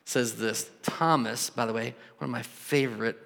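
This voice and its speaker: A man preaching a sermon and leading prayer as pastor, emphatic, with dramatic pauses. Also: mid-range voice, steady tone, gravelly, fairly bright tone. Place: church sanctuary. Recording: long reverb of a large hall.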